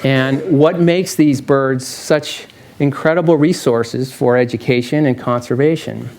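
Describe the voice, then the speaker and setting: A middle-aged man, a field biologist and falconer, giving a casual public lecture with stories, talking in a halting way with many restarts. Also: medium pitch, fairly even intonation, darkish tone. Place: lecture hall with an audience.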